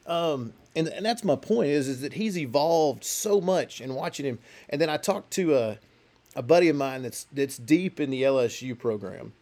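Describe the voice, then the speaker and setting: A man's voice: fairly high pitch, lively intonation, normal speed, darkish tone. A man talking football in a casual, rambling way, with many restarts. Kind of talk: casual sports talk.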